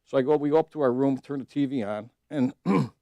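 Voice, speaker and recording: A man's voice: mid-range voice, quick pace, gravelly, warm tone, dry recording, dull audio. A middle-aged man, telling his story as a guest in a radio studio, earnest, with many restarts and fillers. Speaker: judicial candidate, radio guest. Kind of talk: casual radio interview.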